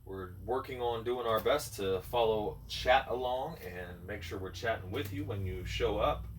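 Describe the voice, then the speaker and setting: A man's voice: lowish voice, normal speed. A man casually chatting with his co-host over a card game and talking to viewers. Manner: easygoing, talks to viewers and the dog. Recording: distant mic with clear room noise.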